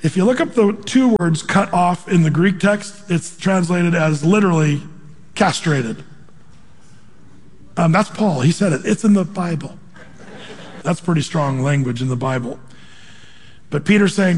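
A man preaching a sermon as pastor, with a high voice. He quotes scripture and acts out the voices of the people he describes. The sound carries a long reverb from a church hall. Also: moderate pace. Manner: animated preaching, quoting scripture and acting out voices.

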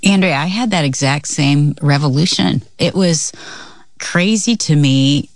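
Low-voiced woman co-hosting a faith talk. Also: measured pace, no room sound, clean studio sound. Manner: warm agreement, laughs often, chatty. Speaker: co-host. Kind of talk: faith talk show chat.

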